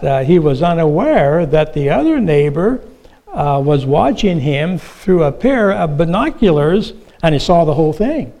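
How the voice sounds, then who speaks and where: A man preaching a sermon, telling illustrative stories and asking the congregation questions, with frequent "uh" pauses. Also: on the high side, dark tone, low-quality recording. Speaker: pastor.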